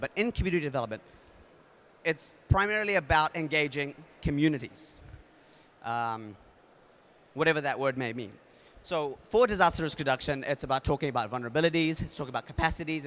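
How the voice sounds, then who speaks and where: A man with a New Zealand accent addresses a conference audience in a loose, energetic way, full of fillers and restarts. His voice sits a bit high and sounds bright and forward. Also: fast talker. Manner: energetic, leads the audience in a game; casual with many fillers and restarts. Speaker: conference speaker. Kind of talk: conference talk.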